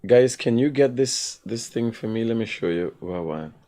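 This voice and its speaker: A livestream host with a Guyanese Creole accent speaks in a mid-range voice at a moderate pace. Animated and rambling, he rants and keeps breaking into laughter.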